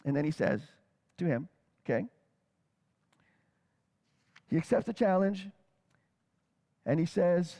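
A man's voice: sits high, slow pace, creaky, long pauses, big-room sound. A man telling stories in a sermon, acting out the people he quotes as he tells them. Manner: animated retelling that acts out quoted speakers. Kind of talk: storytelling sermon.

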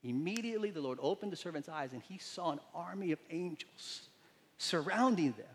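Animated pastor preaching in a reverberant church. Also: male voice, a little high, brisk. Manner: animated storytelling, acts out quotes with voices. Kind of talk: sermon. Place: church sanctuary.

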